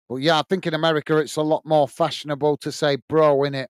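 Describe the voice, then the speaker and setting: Brief: middle-aged Northern English man, watch-along host, fairly high smooth voice, blunt and chatty, dry close sound. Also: level tone, fast, hardly any pauses, dry recording. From north of England. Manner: chatty, blunt, laughs easily, says mate a lot. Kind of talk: match commentary and reading out viewer chat.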